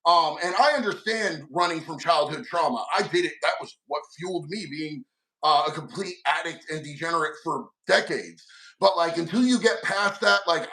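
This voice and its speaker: A middle-aged man with a fairly high voice hosts a laid-back livestream, reading viewer comments and answering in slang. He keeps calling people homie and dog. He sits back from a mic set some way off. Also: moderate pace, creaky, sharp tone. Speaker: livestream host. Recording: mic set far from the speaker.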